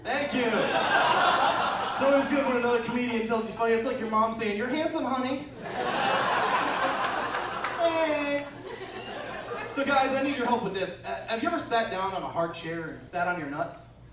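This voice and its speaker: A man's voice: very high voice, normal speed, pauses often, very noisy. A young man doing a stand-up comedy set, telling stories and acting out voices. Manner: animated storytelling, acts out voices. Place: comedy club. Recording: echoey club from far off, crowd laughter.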